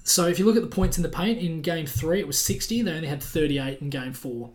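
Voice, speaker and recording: A man co-hosting a sports podcast, with a voice that sits a little high for a man. He tells his stories in an animated, chatty way and laughs easily. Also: fast talker. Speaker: podcast co-host. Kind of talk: casual sports chat.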